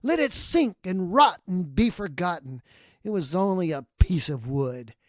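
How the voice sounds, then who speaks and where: A man voicing a proud, half-mad fallen angel who talks low and mutters, sometimes in a whisper. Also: lively intonation, measured pace, dry recording, studio quality. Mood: raving.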